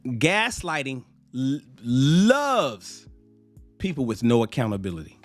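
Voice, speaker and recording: A man's voice: mid-range voice, very animated, slow pace, soft background music. A man giving a blunt opinion monologue to camera, emphatic and profane, acting out the people he quotes. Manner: blunt, emphatic, swears freely; acts out quoted people in mocking voices. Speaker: social commentator.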